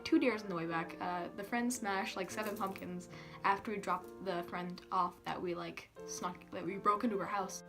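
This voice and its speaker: A young woman telling a storytime tale casually. She swears a lot, fills her talk with "like", giggles and sometimes drops to a hush. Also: mid-range voice. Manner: giggly, profane, filler-heavy, hushed at times. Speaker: vlogger.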